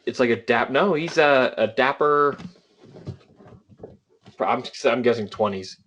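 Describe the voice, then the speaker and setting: A young man chats casually on a podcast, rambling through a story with frequent laughs. His voice sits at an ordinary middle pitch. The talk is loose and unscripted. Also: measured pace, fairly bright tone, dull audio, slight background noise. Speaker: podcast co-host. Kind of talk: casual chat.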